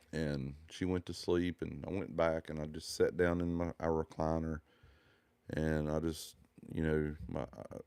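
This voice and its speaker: A man's voice: rumbling low, creaky, warm tone, clear, resonant tone, dry recording. A man, telling his personal testimony in an earnest, heartfelt, rambling way.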